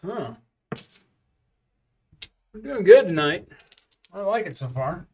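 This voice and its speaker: A man talks casually to his stream from home while throwing dice, calling out each roll and bet as he goes. His voice sits a touch high. He is slightly away from the mic, so the sound is a bit distant. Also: sing-song, slow pace, darkish tone. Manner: chatty, calls out dice rolls and bets. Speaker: streamer practicing craps. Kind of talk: casual live-stream chat.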